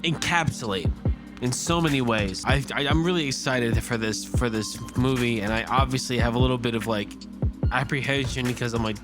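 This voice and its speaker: A man giving casual reaction commentary on a movie trailer, excitable and rambling as he talks. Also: medium pitch, a little fast, over music. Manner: excitable and rambling, with many fillers and restarts.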